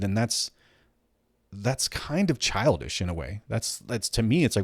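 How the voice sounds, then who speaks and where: A man's voice: fairly low pitch, moderate pace, no echo, studio quality. A man hosting a casual commentary show, ranting bluntly and swearing, with many restarts. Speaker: host.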